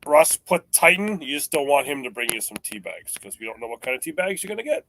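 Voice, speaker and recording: A man's voice: on the high side, big pitch swings, fast talker, fairly bright tone, a little hiss or hum, poor audio. A man co-hosting a casual podcast, bantering and teasing his co-host.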